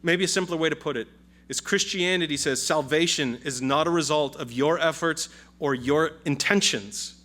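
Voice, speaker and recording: A man's voice: a little high, normal speed, a bit bright. A male pastor preaching a sermon with an emphatic, repetitive cadence.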